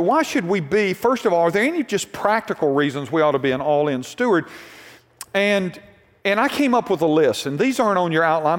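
A man's voice: a little high, long reverb tail. A middle-aged man, a pastor, preaching a conversational sermon and putting questions to the congregation.

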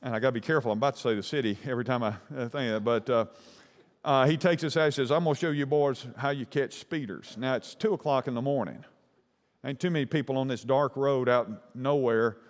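A man preaching in a folksy, rambling storytelling manner, with a voice of middling pitch. His words carry a long reverb tail from a large hall. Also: quick pace. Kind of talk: sermon storytelling.

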